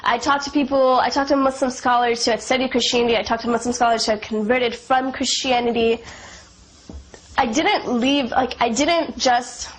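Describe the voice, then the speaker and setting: A woman's voice: fairly high pitch, steady tone, moderate pace, rough recording. A young woman from Afghanistan telling her personal testimony in an earnest, conversational way, full of "you know" and "like".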